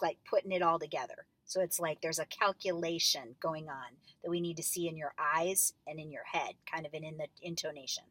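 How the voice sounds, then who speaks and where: Bright-voiced woman coaching actors. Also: fairly low pitch, no room sound. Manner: explanatory, hesitant fillers. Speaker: drama coach. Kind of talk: coaching actors through a scene.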